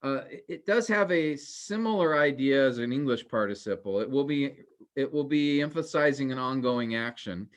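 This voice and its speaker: Man teaching a relaxed class. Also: mid-range voice. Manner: relaxed and conversational, with frequent fillers and restarts; earnest, cautionary. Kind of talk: informal class lecture.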